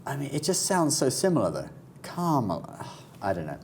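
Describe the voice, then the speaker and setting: A man's voice: medium pitch, wildly swooping pitch, fast talker, over music. A man with a British accent co-hosting a casual discussion show, easygoing and often chuckling as he talks. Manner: easygoing, chuckles through remarks. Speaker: show co-host.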